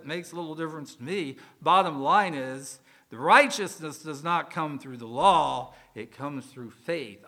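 Bright high-voiced preacher man. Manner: conversational, asks the congregation questions, uses some fillers. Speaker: pastor. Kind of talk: sermon.

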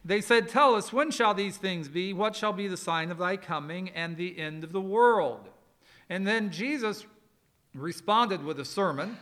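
A middle-aged male pastor preaching a sermon, explaining scripture with emphatic rises, soft asides and personal stories. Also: sits high. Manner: expository preaching with Greek word study and personal stories.

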